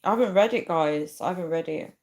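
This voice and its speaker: Young woman livestream host, somewhat low voice, rambling and giggly casual chat. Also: brisk, a little mellow. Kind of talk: casual live chat reading comments.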